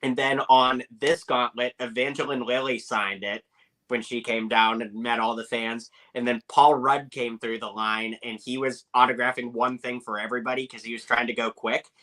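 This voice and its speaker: Bright-voiced young man telling stories. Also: mid-range voice, moderate pace, rough recording. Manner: animated storyteller, many "like" fillers. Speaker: guest. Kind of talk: casual anecdote telling.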